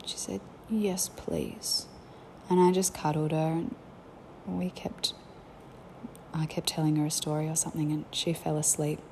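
Young mum chatting about her kids, low gravelly voice, bit of hiss behind. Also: little pitch movement, normal speed, a little mellow. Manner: candid, reflective, chatty. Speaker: parent sharing family life. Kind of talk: casual storytelling.

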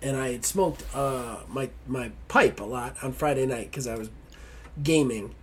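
A man hosts a casual gaming podcast while ill, his voice husky and stuffed up. He talks in a grumpy, blunt way and swears freely. His pitch sits in an ordinary middle range. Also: measured pace. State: sick, stuffy voice. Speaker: podcast host. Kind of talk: casual chat.

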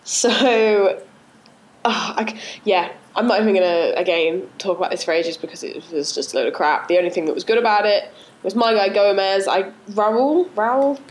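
A woman's voice: mid-range voice, normal speed. A woman co-hosting a casual movie podcast, chatty and blunt. She gives her opinions emphatically. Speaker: podcast co-host.

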